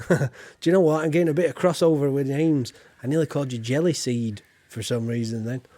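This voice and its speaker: A man's voice: mid-range voice, steady tone, a little fast, mellow, no room sound. A man streaming a farming game, chatting in a rambling, jokey, homely way as a folksy farmer persona. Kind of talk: casual let's-play chat.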